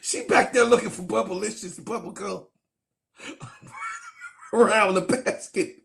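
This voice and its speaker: Man, casual sports commentary, cursing, laughing, gravelly voice. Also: high-pitched, steady tone, a little slow. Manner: loud, profane, laughing, calls out to viewers. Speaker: sports vlogger.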